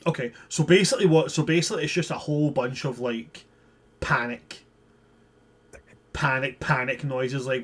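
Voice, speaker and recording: Husky-voiced man running a tabletop game. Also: mid-range voice, normal speed. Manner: jokey, laughs while describing. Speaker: game master.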